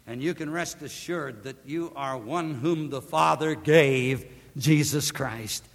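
A man preaching a sermon, swinging from loud emphatic peaks to hushed near-whispers. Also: on the high side, slow pace, gravelly. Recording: long hall reverb.

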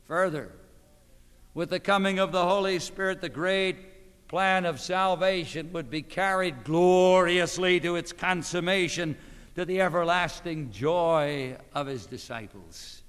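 A man's voice: on the high side, expressive, measured pace, a bit bright, smooth, long reverb tail. A man preaching a sermon, emphatic, with rhetorical questions to his listeners.

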